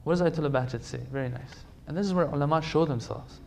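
A man's voice: fairly high pitch, quick pace, gravelly, lo-fi sound, slight background noise. Emphatic man giving a religious lecture. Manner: emphatic, repeats phrases for stress; speaks directly to listeners with pleading asides.

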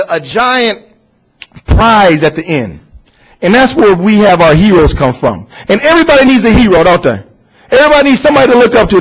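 A man's voice: high voice, breathy edge, low-quality recording. A man giving an informal religious lecture to a class, asking questions and answering them himself in a conversational way. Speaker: Muslim teacher.

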